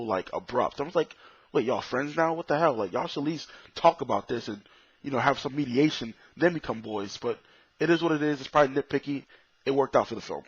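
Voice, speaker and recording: A man delivers a casual, blunt, profane spoken movie review, restarting often and voicing strong opinions. His mid-range voice has a breathy edge, and the dry recording sounds dull and slightly lo-fi.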